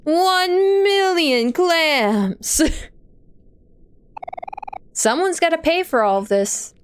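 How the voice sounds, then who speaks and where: Brief: smug, greedy villain in a game, drawling mock-polite threats, as a woman reads the part; slow and deliberate. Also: extremely high pitch, animated, a little hiss or hum, voice pushed up, heavily acted. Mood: menacing. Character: scheming villainous sea sisters, greedy and smug.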